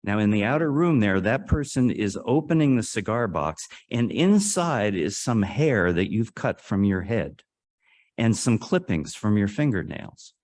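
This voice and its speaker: A fairly low-voiced man preaches a storytelling sermon to a congregation in a worship hall. Speaking earnestly and a little slowly, he swings widely in pitch, rising dramatically and then dropping to a hush.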